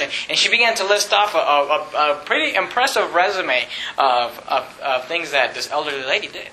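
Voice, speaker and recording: A man delivers an emphatic sermon, firing rhetorical questions at his listeners. His voice sits high and sounds piercingly bright. The room around him rings with echo, and a faint noise hums underneath. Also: lively intonation, moderate pace, hardly any pauses. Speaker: pastor.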